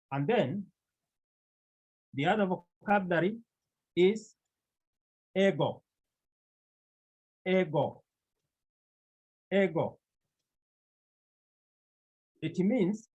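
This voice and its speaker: A teacher gives a classroom lesson at a very slow, deliberate pace. The voice is husky, and each word is repeated several times so it sinks in. The recording sounds dull and lo-fi. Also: mid-range voice. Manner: patient step-by-step explaining. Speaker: Greek language teacher.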